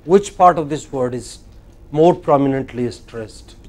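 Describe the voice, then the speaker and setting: A man with an Indian English accent teaching a classroom lecture, slow and deliberate, often putting questions to the class. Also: mid-range voice, a little mellow.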